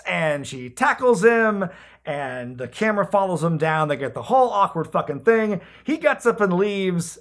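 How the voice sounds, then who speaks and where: Male podcast host, comedic wrestling recap, swings his pitch around a lot, jokey and loose. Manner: animated, jokey, swears casually, acts out quotes.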